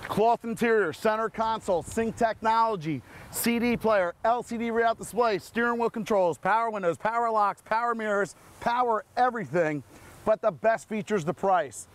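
A man giving an energetic, repetitive hard-sell pitch outdoors at a car lot. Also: moderate pace. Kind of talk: live sales pitch.

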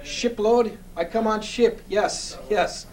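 A man's voice: high-pitched, slow pace, a little mellow, distant mic, pitched above the performer's own voice. A man voicing a foreign-accented male comedian who pleads in broken English about his bad back. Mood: pleading.

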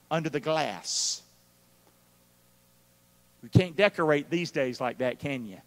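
A man preaching a live sermon, calling out for responses from the congregation and swinging between loud and hushed. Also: a little high. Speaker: pastor. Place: church sanctuary during a live service. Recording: long hall reverb of a church.

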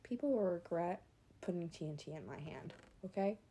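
A young woman giving casual gameplay commentary, excitable and swinging between quiet muttering and loud outbursts. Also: fairly low pitch, moderate pace, husky. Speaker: gaming video creator.

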